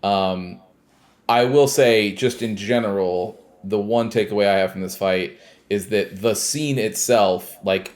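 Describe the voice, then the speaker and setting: A podcast co-host with a lowish voice, speaking a little slowly, casually recaps a game. He's an animated storyteller who acts out scenes in snarky mock voices.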